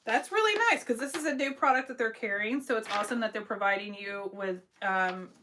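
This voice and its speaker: A woman's voice: a little high, a little fast, noisy background. A woman hosting a live craft stream, chatting casually about her sewing supplies, with lots of fillers. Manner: chatty, lots of fillers, reads viewer comments aloud. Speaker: craft livestream host.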